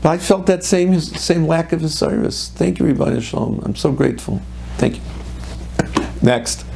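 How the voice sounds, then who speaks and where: A man's voice: a little high, normal speed, vocal fry, warm tone, breathy edge. A middle-aged man, a rabbi giving a sermon, telling stories and acting out what people said, with Hebrew and Yiddish terms mixed in.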